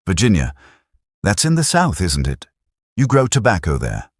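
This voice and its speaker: A man's voice: sits low, huge pitch swings, moderate pace, breathy edge, no room sound, pitched above the performer's own voice, full character voice. A man voicing a cheeky young British private from Sheffield, bantering in a dry, teasing way. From Sheffield, England.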